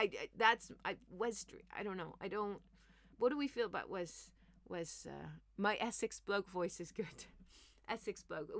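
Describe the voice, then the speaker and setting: A woman's voice: medium pitch, no echo, clean studio sound. Sarcastic woman ranting about the news. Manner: animated, sarcastic, ranting asides. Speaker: comedian host. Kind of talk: comic news commentary.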